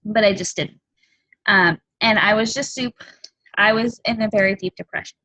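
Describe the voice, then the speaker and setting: Candid bright-voiced woman in her thirties. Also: medium pitch, no echo, poor audio. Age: 30s. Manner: candid and earnest, halting with frequent ums. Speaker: fitness coach. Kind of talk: personal testimony on a group call.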